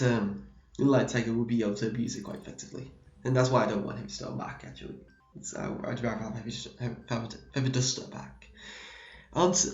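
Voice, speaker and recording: A man's voice: medium pitch, roomy sound, muffled recording. A man from the UK casually explaining a card game deck, rambling and correcting himself, slightly losing his voice. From United Kingdom.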